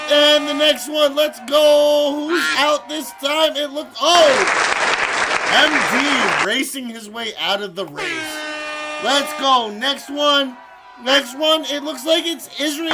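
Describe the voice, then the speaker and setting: A man hosting a live stream, playfully announcing players as they drop out of a game, often laughing. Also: very high-pitched. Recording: loud crowd and noise behind.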